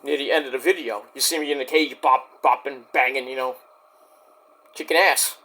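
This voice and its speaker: A man's voice: medium pitch, steady tone, moderate pace, bright, forceful tone. A man in a vlog ranting straight at his critics, defensive and indignant, swearing and rambling with restarts. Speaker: YouTube wrestling reviewer.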